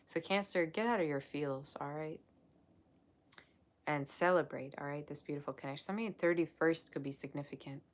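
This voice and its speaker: A woman with a notably low voice hosts a live-streamed tarot reading. She talks in a chatty, effusive way and gushes over the cards as she reads them. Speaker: tarot reader.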